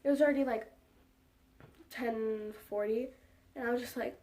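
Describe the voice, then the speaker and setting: A woman's voice: on the high side, steady tone, moderate pace, warm tone, far from the mic. A young woman vlogger telling a casual storytime, rambling along with lots of "like" and fillers. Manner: rambling, heavy use of "like" and fillers.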